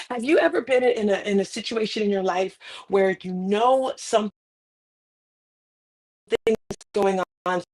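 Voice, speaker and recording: Middle-aged woman, motivational author, dramatic personal storyteller with sudden swells. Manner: dramatic, with sudden rises in pitch and volume. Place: indoors on a carpeted floor.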